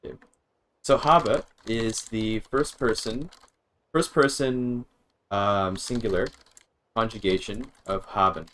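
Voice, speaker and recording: A man's voice: on the low side, slow, fairly bright tone, slight background noise. A man streaming a game, rambling and thinking aloud, often interrupting himself and swearing casually. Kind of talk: casual gaming stream chat.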